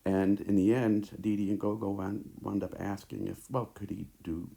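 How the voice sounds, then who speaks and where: A man teaching a recorded lecture over slides, talking haltingly with many fillers and restarts, into a tablet mic. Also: fairly low pitch, level tone, vocal fry, warm tone.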